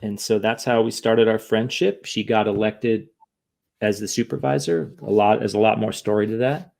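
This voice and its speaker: A man guest on a podcast, telling a story in casual chat, lively, often acting out quoted voices and asking "right?". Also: fairly low pitch, moderate pace, gravelly. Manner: animated, acts out quoted voices, frequent "right?".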